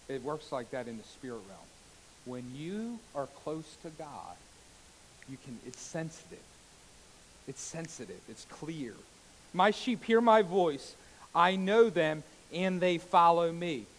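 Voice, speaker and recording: A man preaching a sermon as a pastor, swinging between loud exclamations and hushed soft passages, with calls of amen and hallelujah. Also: a little high, a little hiss or hum, rough recording. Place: church sanctuary.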